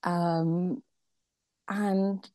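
A woman's voice: fairly low pitch, little pitch movement, drawn-out words, no echo, studio quality. A woman sharing earnest, hesitant reflections on a video call from her tablet. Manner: hesitant, lots of ums, warm and earnest. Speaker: church member sharing reflections. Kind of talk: casual reflective chat.

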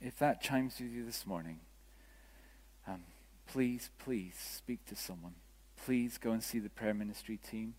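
A man's voice: fairly low pitch, a little slow. Man preaching in a reverberant church. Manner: storytelling, animated quoting of others. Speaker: vicar. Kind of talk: sermon. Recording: church hall with long reverb.

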